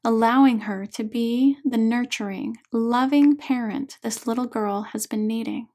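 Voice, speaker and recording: A woman reading an audiobook, voicing a calm female hypnotherapist who guides her client in a gentle, soothing way. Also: fairly high pitch, measured pace.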